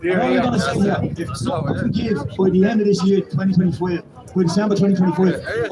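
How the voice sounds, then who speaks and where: High-voiced, fast Irish man at a rally. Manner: profane, rousing, rising to shouts. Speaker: protest speaker. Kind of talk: impassioned street speech. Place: outdoor street protest. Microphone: public microphone and PA. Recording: echoey, distant from the mic, loud crowd. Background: crowd.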